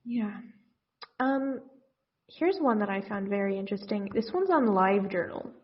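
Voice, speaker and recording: A woman co-hosting a comedy podcast, her voice sitting in a middle range. She rambles and cuts herself off, then reads long passages aloud deadpan. The audio is a little dull and lo-fi. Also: medium pitch, moderate pace. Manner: rambling, self-interrupting, reads text deadpan. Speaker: podcast co-host. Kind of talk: casual comedic chat, reading fanfiction aloud.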